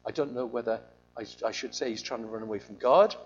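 A man preaching a sermon in an animated, conversational storytelling way, on a slightly muffled recording. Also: medium pitch, quick pace.

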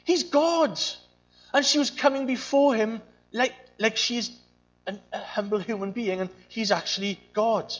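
High-voiced earnest male preacher. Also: measured pace, muffled recording. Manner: earnest, repeats phrases, mimics voices in quotes. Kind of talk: sermon.

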